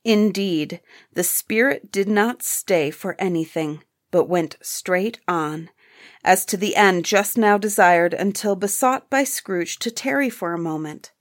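Brief: woman audiobook narrator, calm and measured, slow, mid-pitched voice.

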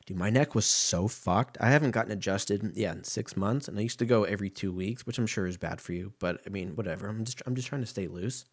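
A podcast host with a lowish, breathy voice talks fairly quickly with hardly any pauses. He rambles loosely and profanely, jumping from one tangent to the next.

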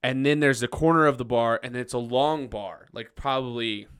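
Animated young man telling a story. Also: mid-range voice, normal speed, clear, resonant tone, dry recording, clean studio sound. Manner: animated, laughing, acts out quotes loudly. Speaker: podcast host. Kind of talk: casual storytelling.

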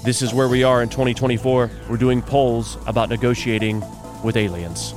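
A man's voice: mid-range voice, fairly even intonation, moderate pace, music in the background. A man hosting a morning radio show, chatting wryly through news items with offhand asides. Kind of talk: solo talk radio monologue.

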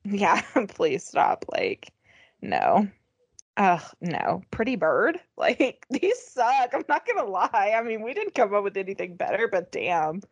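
A woman's voice: medium pitch, huge pitch swings, slow pace, husky, dry recording. Giggly, foul-mouthed woman podcaster. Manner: profane, giggly, reads list items aloud with mock disgust. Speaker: podcast co-host. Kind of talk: casual comedic chat.

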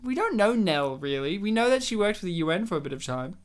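A man's voice: high voice, sing-song, fast talker. A man co-hosting a casual podcast about films, joking in a dry, sarcastic way. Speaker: podcast co-host.

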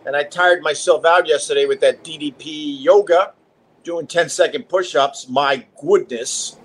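A middle-aged male host chatting on a live stream from his home. He rambles along in a slightly higher voice than most men, salty and wired. His talk is loose and profane. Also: unhurried, a little hiss or hum. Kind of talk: casual live-stream chat.

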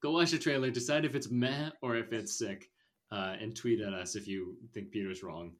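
Dude hosting a movie podcast, rambly, opinionated, lots of likes and ums. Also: male voice, lowish voice, steady tone, normal speed. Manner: rambling, opinionated, many fillers. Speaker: podcast host. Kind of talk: casual movie podcast chat.

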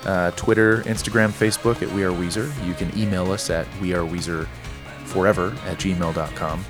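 Very deep-voiced, jokey male podcast host. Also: fairly even intonation, fairly quick, over music. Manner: playful, jokey, wraps up the show. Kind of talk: casual chat.

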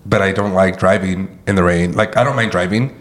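A man in his thirties with a lowish voice rants on a casual podcast. He swears freely and plays up his complaints for laughs. Spanish words slip in, marking a way of talking. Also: a little fast. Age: 30s. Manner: rants and swears, jokingly dramatic. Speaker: podcast co-host. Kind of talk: casual chat.

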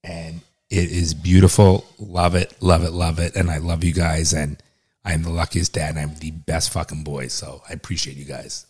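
A man's voice: a bass voice, little pitch movement, normal speed, a little mellow, husky. A middle-aged man hosting a casual family podcast at home, getting emotional and repeating his words as he talks. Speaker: podcast host, father.

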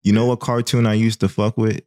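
A man's voice: on the low side, level tone, brisk, darkish tone. A man in a casual podcast chat, laid-back, slangy and profane.

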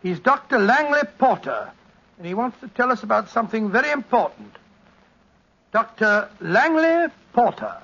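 A bluff, loyal old doctor in a vintage radio show. His voice is high, bright and a little husky, and he sounds blustery and earnest. The 1940s recording is muffled. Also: expressive, brisk, exaggerated voice. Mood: genial. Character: bluff loyal older male doctor, the detective's companion.

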